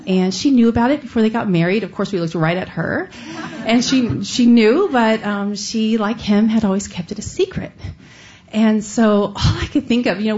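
A woman's voice: medium pitch, a little mellow. Earnest woman telling a personal story. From United States. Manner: earnest and heartfelt, with light laughs. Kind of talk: personal story told on stage. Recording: dull lo-fi sound.

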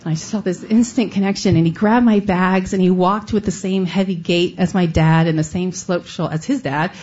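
A woman's voice: fairly low pitch, fairly even intonation, normal speed, darkish tone. A middle-aged woman from the United States telling a heartfelt personal story on stage, earnest with light laughs. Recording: dull lo-fi sound.

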